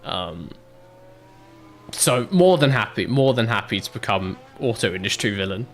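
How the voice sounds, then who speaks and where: Chatty British guy with lively pitch. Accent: British English. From Britain. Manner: chatty, rambling, swears casually, quick asides. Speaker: streamer playing a racing manager game. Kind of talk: casual gaming commentary and chat reading.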